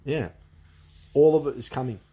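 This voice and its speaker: A man vents his frustration in a long monologue, swearing often and restarting his sentences. His pitch sits in the middle range for a man. He rants to the camera like a vlogger. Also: moderate pace, mellow, breathy edge, highs cut off. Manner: profane, frustrated ranting with frequent restarts. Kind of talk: ranting monologue.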